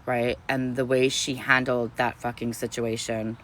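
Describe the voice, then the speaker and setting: A woman's voice: very deep voice, flat delivery, measured pace, fairly bright tone, slight background noise. A woman chatting casually on a livestream, effusive and gushing, swearing constantly as she talks. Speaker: streamer.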